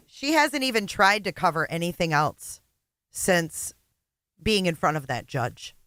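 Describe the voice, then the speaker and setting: A woman's voice: on the low side, sing-song, slow, a bit bright, no echo, studio quality. A woman co-hosting a casual livestream, blunt and exasperated, swearing freely.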